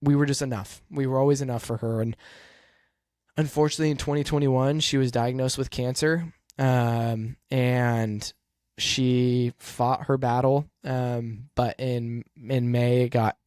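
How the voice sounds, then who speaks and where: A man hosting a podcast about his racing life, telling a personal story in a halting, earnest way with many pauses and fillers. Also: medium pitch, flat delivery, darkish tone, no room sound, clean studio sound. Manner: emotional, earnest. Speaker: podcast host and race car driver.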